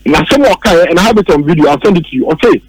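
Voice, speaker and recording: A man's voice: on the high side, lively intonation, very fast, slightly rough, rough recording. A man with a Ghanaian English accent giving heated political commentary on the radio, emphatic and repeating his key phrases.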